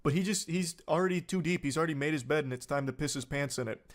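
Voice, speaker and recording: A man's voice: a little high, fast. A man doing reaction commentary, reading text messages aloud in a sarcastic, incredulous way and swearing freely. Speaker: online commentator.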